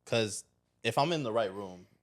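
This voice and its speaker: A man from Chicago with a Chicago accent, hosting a casual podcast chat in a blunt, profane, animated way. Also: on the low side, moderate pace. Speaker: podcast host.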